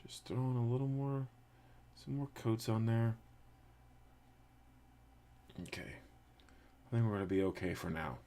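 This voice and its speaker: A man's voice: medium pitch, measured pace, creaky, long pauses, warm tone. A man casually chatting to his livestream viewers while painting a model, rambling with lots of fillers. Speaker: streamer painting a 3D print.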